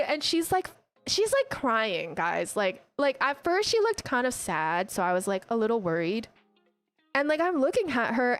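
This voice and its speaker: A young woman streamer chatting casually, telling an animated story full of "like" and restarts. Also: a little high. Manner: animated storytelling, heavy use of "like". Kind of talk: casual chat.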